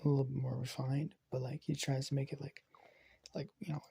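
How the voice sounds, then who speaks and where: A man's voice: medium pitch, little pitch movement, a little fast, mellow. A man telling an improvised story in a casual, rambling way, swearing and often dropping to a whisper. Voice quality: gravelly, raspy.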